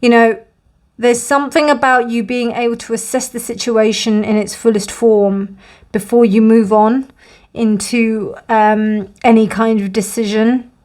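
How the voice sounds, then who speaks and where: A woman's voice: on the high side, little pitch movement, a little slow, a little mellow. A woman giving a pick-a-card tarot reading, chatty and rambling, calling her viewers "my darlings".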